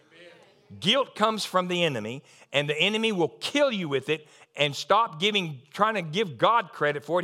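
A man preaching a sermon in an emphatic, lively way, repeating key lines and adding asides. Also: high-pitched. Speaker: pastor.

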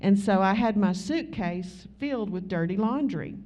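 A woman with a Southern US accent, preaching a sermon in a folksy, conversational way with drawn-out emphasis. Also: mid-range voice, lively intonation, mellow. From Southern United States. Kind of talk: sermon with storytelling. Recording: slightly muffled recording.

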